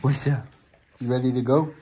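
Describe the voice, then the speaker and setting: A man's voice: medium pitch, steady tone, normal speed, background noise. A young man vlogging casually, rambling with lots of "like" fillers, recorded on a handheld phone. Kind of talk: casual vlog chat. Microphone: handheld phone camera.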